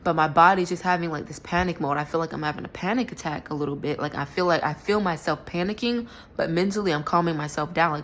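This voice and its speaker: A young woman with a notably low voice talks through a personal story in a loose, rambling way, stopping and restarting often. A faint hiss sits under the recording. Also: fast talker, hardly any pauses. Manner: rambling, filler-heavy, self-correcting. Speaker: spiritual vlogger. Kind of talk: casual storytelling monologue.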